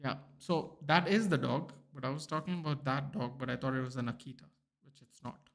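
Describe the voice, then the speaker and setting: A man's voice: mid-range voice, brisk, vocal fry. A young man, chatting casually to viewers during a live football watchalong stream. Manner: chatty, reacting aloud to chat, many restarts and "bro", "dude".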